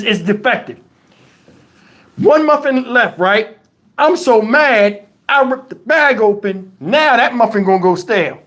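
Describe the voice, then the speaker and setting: A middle-aged man hosting a casual livestream, telling a story in an animated, exasperated way with a lot of cursing. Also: high-pitched. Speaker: YouTube channel host.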